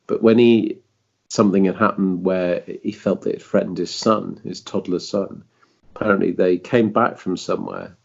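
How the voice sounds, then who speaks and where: A man's voice: low voice, fairly even intonation, normal speed, vocal fry, slightly rough, dull audio. A man with a southern English accent hosting a casual podcast chat, telling a story in a rambling, hesitant way and swearing freely. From south of England. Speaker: podcast host.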